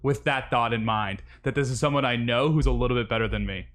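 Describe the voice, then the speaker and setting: A man on a casual gaming podcast, chatty and quick to laugh, acting out what people said. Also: medium pitch, fairly bright tone. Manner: chatty, laughs often, acts out quotes. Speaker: podcast co-host.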